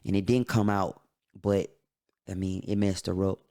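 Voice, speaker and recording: A man hosting a podcast, telling a personal story in a candid, halting way. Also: low-pitched, steady tone, mellow, smooth. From Atlanta, USA. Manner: candid, halting, emotional retelling. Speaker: podcast host.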